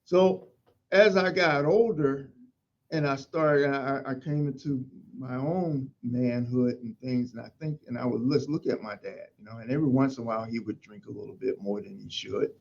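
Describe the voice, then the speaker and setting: Middle-aged man, fire chief, animated storyteller, medium pitch, slightly dull recording. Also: moderate pace, gravelly. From Pennsylvania, USA. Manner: emphatic, animated storytelling with acted-out quotes. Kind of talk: storytelling in an interview.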